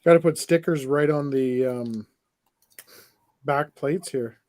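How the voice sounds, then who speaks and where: Chatty man with a mellow voice. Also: medium pitch, slow pace, no echo. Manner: chatty, laughs while telling stories. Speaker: host. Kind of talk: casual chat while building sets.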